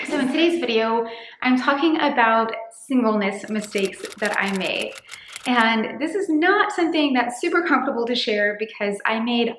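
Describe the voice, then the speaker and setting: A woman's voice: on the high side, moderate pace, slight background noise. Earnest woman vlogger, echoey room. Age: 30s. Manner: earnest, encouraging, gently preachy. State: slightly out of breath. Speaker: faith-based dating vlogger. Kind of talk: casual to-camera vlog talk.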